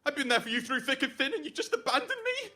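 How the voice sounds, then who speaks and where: A man's voice: high voice, moderate pace, bright, forceful tone, slight background noise. A jealous, crude best man. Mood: mocking. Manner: crude, mocking, jealous rant. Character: jealous, crude young male best man giving a wedding toast. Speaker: best man giving a wedding speech. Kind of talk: comic stage monologue.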